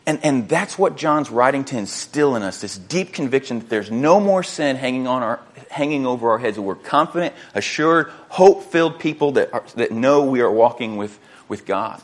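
A man's voice: medium pitch, lively intonation, moderate pace. An earnest male pastor preaching a sermon in a mid-range voice. He reads scripture aloud and circles back on his words, restarting phrases as he explains the text.

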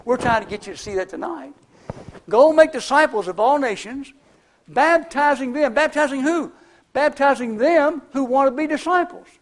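A man's voice: very high voice, moderate pace. An older man preaching a sermon, telling folksy personal stories in a conversational way.

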